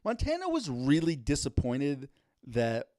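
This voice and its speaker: A man's voice: mid-range voice, unhurried, dry recording, clean studio sound. A man co-hosting a casual comedy podcast, telling stories and acting out quotes. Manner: animated storytelling, acts out quotes. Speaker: podcast co-host.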